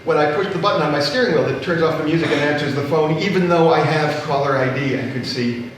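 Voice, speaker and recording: Middle-aged male stand-up, dry self-mocking storyteller, slightly high voice, heard from afar in a very echoey room. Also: fast. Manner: dry, wry, self-deprecating delivery. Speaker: stand-up comedian. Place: live comedy stage with audience. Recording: very echoey room, distant mic, faint noise.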